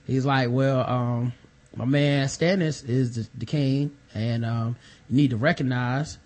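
A man's voice: mid-range voice, fairly even intonation, measured pace, darkish tone. A man hosting a podcast in casual chat, animatedly retelling a TV episode and acting out the characters in slang. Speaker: podcast host.

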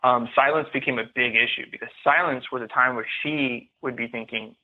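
A man telling his own story as a podcast guest, speaking haltingly and often repeating or restarting phrases. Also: mid-range voice, fairly even intonation. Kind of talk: personal story in interview. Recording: tinny phone-like line.

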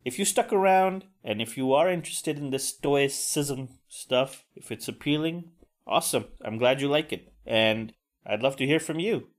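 A man's voice: medium pitch, moderate pace. A man hosting a solo podcast, talking casually with frequent swearing and self-deprecating asides. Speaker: podcast host.

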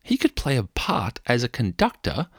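A man's voice: medium pitch, huge pitch swings, moderate pace, a bit bright, husky, dry recording, clean studio sound. A middle-aged man with an Australian accent tells a rambling travel story in a casual monologue, joking at his own expense. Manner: rambling, joking, self-mocking.

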